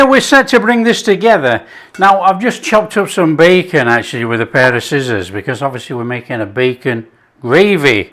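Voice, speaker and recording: A man's voice: on the high side, fairly bright tone. A man hosting a cooking video, chatting casually as he talks through each step of a recipe. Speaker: cooking show host.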